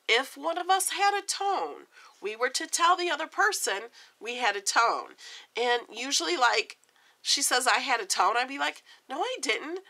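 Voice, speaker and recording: Woman in her forties, casual vlogger, lively sing-song delivery, gives advice. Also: on the high side. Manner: chatty, earnest, gives friendly advice. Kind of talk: casual chat to camera.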